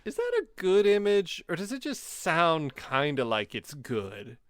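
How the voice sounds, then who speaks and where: Podcast co-host guy, dry wry jokes, smooth clear voice, close dead mic. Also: on the high side, huge pitch swings, a little slow, dry recording. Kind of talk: casual chat.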